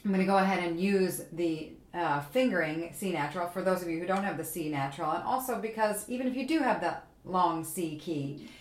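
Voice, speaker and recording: A woman's voice: lowish voice, a little fast. A woman host giving a casual spoken music lesson, explaining step by step and now and then singing phrases of the tune on syllables. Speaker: music teacher and podcast host. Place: home kitchen.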